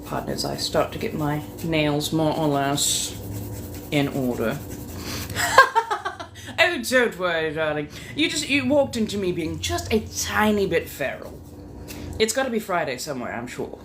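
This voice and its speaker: Casting: unhurried woman host, lowish voice that swoops a lot, teasing innuendo, audible room noise behind her. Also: lively intonation. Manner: flirty, teasing innuendo, muttering asides. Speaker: livestream host. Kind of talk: casual live-stream chat with viewers. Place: home.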